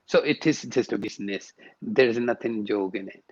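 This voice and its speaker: In this interview, the male guest, who teaches yoga and sound, makes his case forcefully, repeating words for emphasis. He speaks fairly quickly in a lowish voice, and the audio has its highs cut off.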